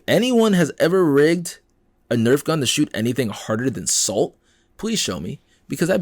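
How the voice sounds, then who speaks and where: A podcast host runs through news stories in a casual, exasperated way, swearing freely and acting out the people he quotes. His voice is fairly high, his pace moderate, and there's no echo.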